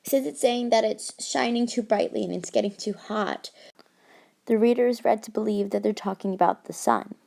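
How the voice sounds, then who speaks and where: A woman's voice: mid-range voice, normal speed, creaky, a little mellow. A young woman teaching a lesson over a screen recording, explaining in an upbeat, chatty way with little asides.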